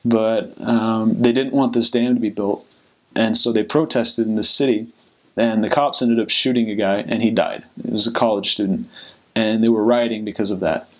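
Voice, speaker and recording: A young man, a returned missionary, casually telling stories and giving advice in a relaxed, rambling way with many fillers and restarts. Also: on the low side, moderate pace. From United States.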